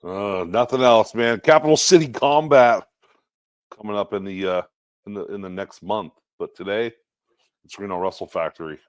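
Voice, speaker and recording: A man with a low voice co-hosting a casual wrestling podcast. He talks in a relaxed way and laughs often, and his voice sounds close and dry, with no room echo. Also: normal speed. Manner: laid-back, laughs often, calls people bud. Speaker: podcast co-host.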